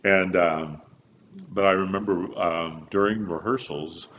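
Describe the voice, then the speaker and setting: Very deep-voiced older man reminiscing. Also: fairly even intonation, a little slow, fairly bright tone. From Kansas, USA. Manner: rambling, many fillers and restarts, frequent chuckles. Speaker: opera bass telling career stories. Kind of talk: relaxed interview storytelling. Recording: slightly dull, faint background hiss.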